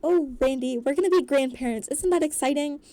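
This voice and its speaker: A woman's voice: a little high, fairly even intonation, brisk, dark tone, slight background noise, lightly acted. A woman voicing an exasperated middle-aged mother who scolds her husband dryly in a storybook reading. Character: exasperated middle-aged mom, fed-up wife.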